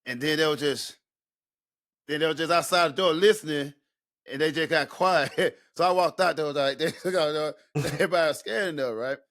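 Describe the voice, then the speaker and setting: A man's voice: fairly high pitch, fairly quick, a bit bright. A man from Mississippi co-hosting a podcast, rambling casually with many fillers. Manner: rambling, laid-back, filler-heavy. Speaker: podcast co-host. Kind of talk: casual chat.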